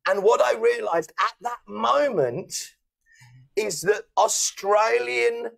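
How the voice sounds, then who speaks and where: A man's voice: high voice, slow pace, gravelly. A British man hosting a casual chat, telling stories animatedly, swearing and laughing as he goes. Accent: British English. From England.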